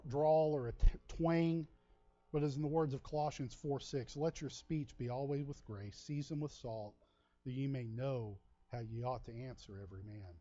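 Texan pastor with a drawl, dark tone. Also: male voice, mid-range voice, no echo, muffled recording. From Texas. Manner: folksy, conversational preaching with asides. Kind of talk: sermon.

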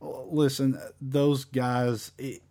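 A man's voice: mid-range voice, little pitch movement, takes it slowly, warm tone. A man teaching a verse-by-verse Bible study in an emphatic, repetitive, conversational way.

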